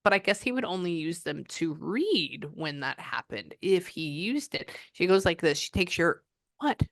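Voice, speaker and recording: A woman's voice: lowish voice, expressive, moderate pace, dry recording, studio quality. A woman working as a psychic medium, talking casually and often breaking off to listen before passing on what she hears. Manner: breaks off to listen, relays quotes. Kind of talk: psychic reading session, casual chat.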